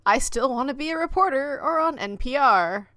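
Higher-voiced woman podcast co-host, dry sound. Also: expressive, moderate pace, fairly bright tone, dry recording. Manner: sarcastic, joking. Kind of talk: casual chat.

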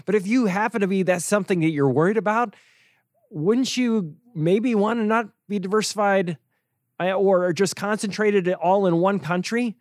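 A man with a fairly high voice talks casually as a host, explaining things step by step. His asides turn sarcastic and he chuckles often. The sound is dry and close. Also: normal speed, dry recording. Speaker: podcast host and financial educator.

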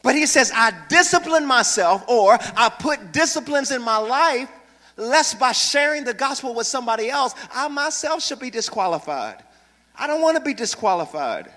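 A man's voice: very high voice, animated, moderate pace, pushed and bright. A man, a pastor, preaching a sermon in church with humor and calls for the congregation to respond. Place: church sanctuary. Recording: reverberant church hall.

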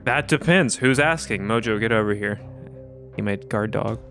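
A man improvising a smug young male online crank in a comedy sketch, talking in a flat, matter-of-fact way. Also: lowish voice, moderate pace, creaky, soft background music. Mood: deadpan. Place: room shared with co-hosts.

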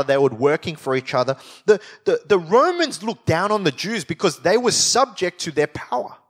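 A man's voice: high voice, a bit bright. A man teaching a Bible study in sermon style, explaining with emphasis and reading scripture aloud.

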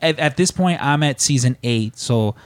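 A man's voice: medium pitch, animated, moderate pace, no room sound. A man hosting a casual podcast, telling long rambling stories with lots of fillers and restarts. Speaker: podcast host.

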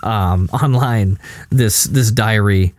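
A man's voice: on the low side, slow, a little mellow, no room sound. A tired man co-hosting a casual podcast, recapping a show in a rambling way with many fillers and restarts. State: worn out. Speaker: podcast co-host.

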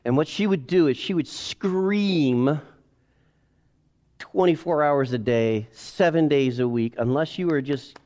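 A man in his forties preaching a sermon in a casual, animated way, acting out family scenes. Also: fairly high pitch, a little slow. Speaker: pastor. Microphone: headset or lapel mic.

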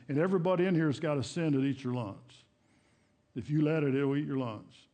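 A man's voice: a little high, fairly quick, dark tone. Folksy, conversational man preaching a sermon. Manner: conversational, folksy preaching with acted-out prayers and quotes. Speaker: pastor. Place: church sanctuary.

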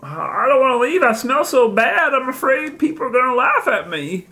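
A woman's voice: sits high, very animated, moderate pace, pushed and bright, pitched above the performer's own voice, exaggerated voice. A woman voicing a disheveled, smelly man who is anxious about being laughed at. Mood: whiny. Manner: anxious and whiny.

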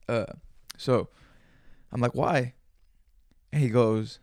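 A man's voice: medium pitch, slow, pauses often, a little mellow, dry recording, clean studio sound. A man in his twenties telling a rambling, profane story in slangy casual talk, acting out bits of dialogue. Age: 20s. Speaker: podcast host.

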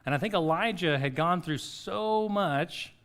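A middle-aged man preaching a sermon as pastor, earnest and questioning, dropping to a soft, slow voice to lead a quiet reflection. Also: high-pitched, lively intonation. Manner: soft-spoken guided reflection, pauses between phrases.

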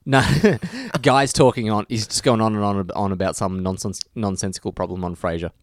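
A man co-hosting a podcast, chatting casually and animatedly, often laughing and rising in pitch when excited. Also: a little fast, no room sound, clean studio sound. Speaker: podcast co-host. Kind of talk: casual chat.

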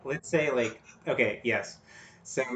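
A man co-hosting a podcast, pitching ideas haltingly with many fillers and laughs in casual chat. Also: fairly bright tone, slight background noise. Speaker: podcast co-host. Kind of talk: casual comedic brainstorming chat.

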